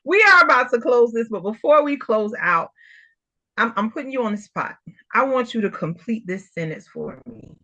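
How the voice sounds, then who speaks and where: A woman's voice: fairly high pitch, expressive, normal speed, lo-fi sound. A woman hosting an interview, gushing and encouraging toward her guest with endearments. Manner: effusive and encouraging, warm endearments. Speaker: interview host. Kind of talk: casual interview chat.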